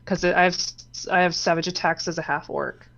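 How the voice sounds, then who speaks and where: A woman's voice: fairly low pitch, steady tone, moderate pace, creaky, fairly bright tone, slight background noise. A woman playing a tabletop game, cheerfully explaining her character's rules. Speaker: player. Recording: dull lo-fi audio.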